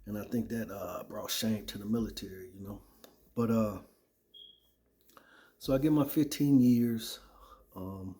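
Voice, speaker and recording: Man with a dark, mellow voice. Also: fairly low pitch. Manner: conversational, repeats "right?" and "man". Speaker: former soldier sharing his testimony. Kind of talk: casual spoken testimony.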